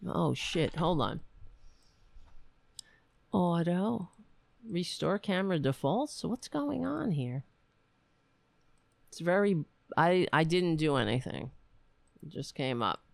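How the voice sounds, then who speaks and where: A woman's voice: fairly low pitch, very animated, slow pace, creaky, long pauses, no room sound. A woman hosting a podcast, talking in a blunt, profane, rambling way in casual commentary. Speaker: podcast host. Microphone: webcam setup.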